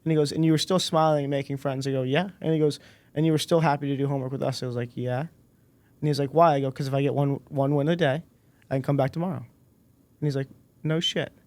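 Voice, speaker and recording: A man in his twenties, a podcast guest, telling a personal story in a relaxed way and acting out the dialogue. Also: mid-range voice, quick pace, dry recording. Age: 20s. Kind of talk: casual storytelling interview.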